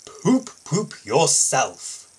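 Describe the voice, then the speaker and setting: A man voicing a big, tired, grumpy male express engine in a storybook reading, grumbling slowly. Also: mid-range voice, very animated, fairly bright tone, slightly rough, heavily acted. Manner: grumbling, slow.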